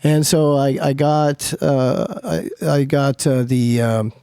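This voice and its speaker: A man's voice: medium pitch, fairly even intonation, slow, warm tone, smooth, no room sound, clean studio sound. A middle-aged man co-hosting a casual chat show, telling stories in a rambling way and acting out what others said. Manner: rambling storyteller, acts out quoted lines. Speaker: co-host.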